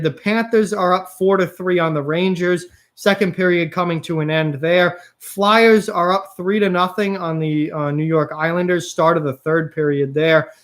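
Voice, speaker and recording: A young man hosting a live hockey reaction stream, reading viewer comments aloud and talking frustratedly about his bad game predictions. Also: sits high. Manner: chatty, reads and answers viewer comments, frustrated about picks.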